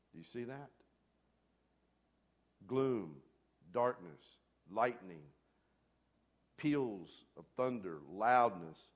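Preaching slowly with frequent pauses, a pastor with a lowish voice and lively intonation addresses his congregation. His emphatic sermon ranges from loud calls to hushed near-whispers, and he asks the room direct questions.

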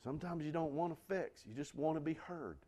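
A man preaching a sermon in a folksy, animated way, with sudden loud bursts. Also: fairly high pitch, a little fast. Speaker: pastor.

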